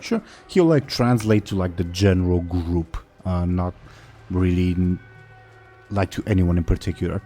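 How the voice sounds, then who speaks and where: A man acting as game master in a tabletop game, narrating loosely and stopping often to hesitate. His voice is very low and mellow, with faint music playing underneath. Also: normal speed.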